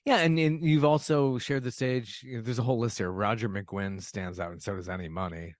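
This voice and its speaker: A middle-aged man hosting a podcast interview in a relaxed, chatty way. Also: on the low side, a little fast, no room sound, clean studio sound. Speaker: podcast host. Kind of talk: casual interview chat.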